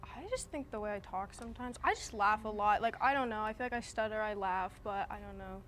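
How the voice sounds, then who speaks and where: A woman's voice: medium pitch, brisk, fairly bright tone, slight background noise. A young woman on a reality game show, talking in a hesitant, playful way. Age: young adult.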